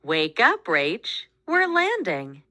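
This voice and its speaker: A woman doing a gentle reassuring dad. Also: mid-range voice, huge pitch swings, slow, no echo, studio quality, full character voice. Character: kind, reassuring father.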